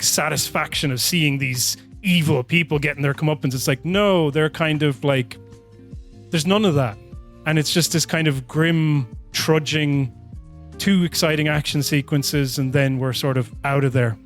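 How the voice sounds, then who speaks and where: A man's voice: on the high side, normal speed, fairly bright tone, faint music behind. A man co-hosting a podcast, talking through a film in a rambling, laughing way with lots of restarts. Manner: rambling, self-interrupting, laughs often. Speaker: podcast co-host. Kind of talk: casual film discussion.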